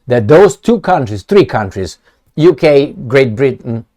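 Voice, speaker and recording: A man's voice: medium pitch, very animated, unhurried, mellow. A man, a political commentator, ranting sarcastically and profanely while firing rhetorical questions.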